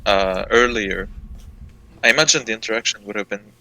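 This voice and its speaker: A man chatting after a tabletop session, talking in a halting, low-key way. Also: pushed and bright, rough recording. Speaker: player. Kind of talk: post-session recap chat.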